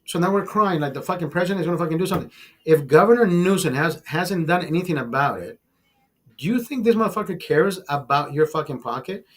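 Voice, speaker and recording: High-voiced man on a profane rant. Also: animated, fast, a bit bright. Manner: profane, emphatic, calls listeners brother; repeats and restarts words while ranting. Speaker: livestream host. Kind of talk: casual livestream rant.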